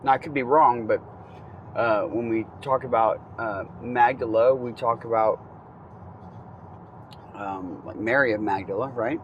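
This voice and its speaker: A man teaching from the Bible in a relaxed, conversational way, reading passages and adding casual asides. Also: medium pitch, a little slow, pauses often, muffled recording, slight background noise.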